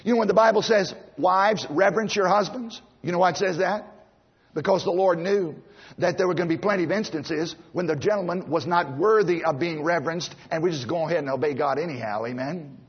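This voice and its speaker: Husky-voiced middle-aged male preacher. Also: high-pitched, fairly quick. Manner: emphatic, repeats phrases, swings between loud and hushed. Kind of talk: sermon. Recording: long hall reverb, dull lo-fi sound.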